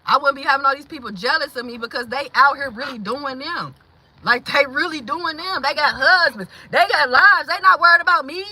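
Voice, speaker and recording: Bright high-voiced woman venting on stream. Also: brisk, low-quality recording. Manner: blunt and profane, swings from heated to hushed; greets chat viewers mid-rant. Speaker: livestream host. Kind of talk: emotional livestream venting.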